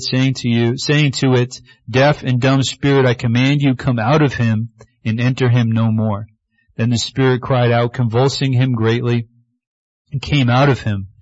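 A man preaching a sermon as pastor, animated, acting out voices from the stories he tells. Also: medium pitch, dry recording, muffled recording.

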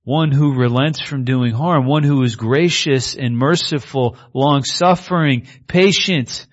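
A man preaching a sermon in a conversational style, moving between reading scripture and lively asides. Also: medium pitch, unhurried. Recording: slightly muffled recording.

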